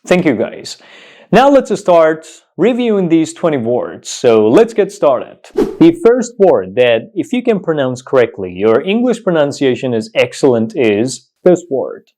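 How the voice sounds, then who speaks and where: Male pronunciation tutor, slightly high voice, lively and emphatic, drills words by repetition. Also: measured pace. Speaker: English pronunciation teacher. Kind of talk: online pronunciation lesson.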